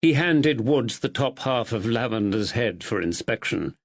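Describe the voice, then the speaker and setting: Man narrating with a lively, expressive voice. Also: medium pitch, gravelly. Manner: measured and expressive. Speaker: audiobook narrator. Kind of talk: scripted narration.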